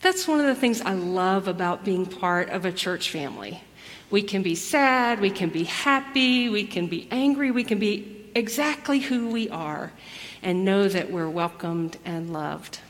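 A woman pastor giving a gentle children's message and sermon in church. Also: mid-range voice, animated, unhurried. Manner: gentle, storytelling. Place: church sanctuary. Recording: long church reverb.

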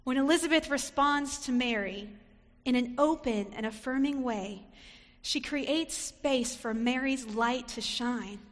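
Woman, preacher, reflective sermon, fairly high voice, long church reverb. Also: a little slow. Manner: reflective, acts out short quoted lines. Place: church sanctuary.

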